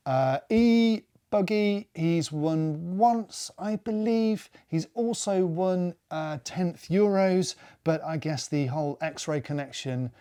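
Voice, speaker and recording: A man's voice: high-pitched, takes it slowly, few pauses, dark tone, clear, resonant tone. A man co-hosting a casual racing news show, chatty and joking as he reads headlines. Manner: chatty, jokey, thinks aloud. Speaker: news co-host.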